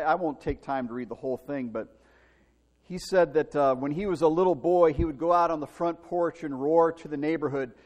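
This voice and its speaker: A man preaching a Sunday sermon, telling a story in an animated way and acting out the quoted lines with shouts. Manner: animated, acts out quotes with big shouts and pitch jumps. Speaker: pastor. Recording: long hall reverb.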